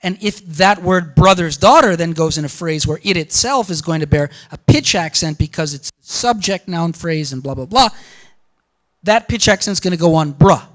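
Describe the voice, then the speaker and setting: Male linguistics lecturer, higher-pitched voice, energetic, emphatic classroom delivery. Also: moderate pace, few pauses. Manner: animated, repeats words for emphasis, asks "okay?" and "yeah?" to the room. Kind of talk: university lecture.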